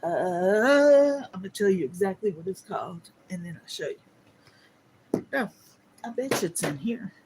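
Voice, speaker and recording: Slow, drowsy woman chatting. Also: medium pitch, animated, heavy background noise. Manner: chatty, yawning, addresses viewers as y'all. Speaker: livestream host. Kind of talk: casual livestream chat. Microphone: phone on a holder.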